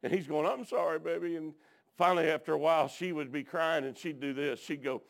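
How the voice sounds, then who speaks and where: A man preaching a folksy sermon, telling stories and dropping frequent amens, swinging from hushed to shouting. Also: fairly high pitch, steady tone, a little fast.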